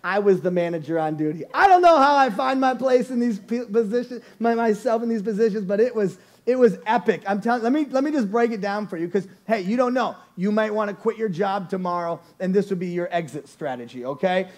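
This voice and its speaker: Man, pastor, high voice, lively storytelling sermon, laughs often, church congregation. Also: a little fast, hardly any pauses. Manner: animated, playful storyteller who laughs often. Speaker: lead pastor. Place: church service before a congregation.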